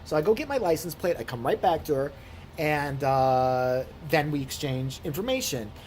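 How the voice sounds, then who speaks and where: A woman's voice: low-pitched, normal speed, a little hiss or hum. A woman vlogger telling a story as an indignant, profane rant. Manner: indignant, swearing, animated storytelling.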